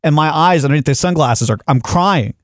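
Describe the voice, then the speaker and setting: A man's voice: a little high, a little fast, no echo, studio quality. A man hosting a comedy podcast, telling a rambling story in casual chat with many restarts. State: groggy, a little delirious.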